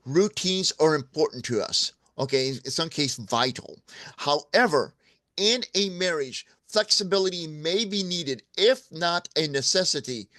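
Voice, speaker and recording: A man's voice: on the high side, fairly bright tone. Earnest man giving casual advice. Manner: earnest, repeats "okay?" to check in with listeners; candid, shares personal examples. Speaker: vlog host giving marriage advice. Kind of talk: casual advice talk to camera.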